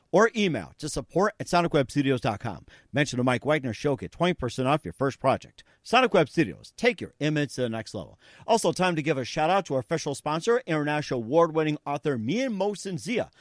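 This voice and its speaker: A male host thanking guests and reading sponsor messages in a brisk, upbeat manner. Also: fairly high pitch, big pitch swings, no room sound, clean studio sound. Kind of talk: interview host and sponsor reads.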